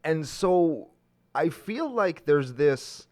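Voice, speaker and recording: A man from Canada riffs at a studio table with his co-host, half ranting and half joking. His pitch swings up and down lively as he gets worked up. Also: very slow. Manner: animated, ranting, jokey. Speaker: podcast co-host. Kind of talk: casual podcast chat.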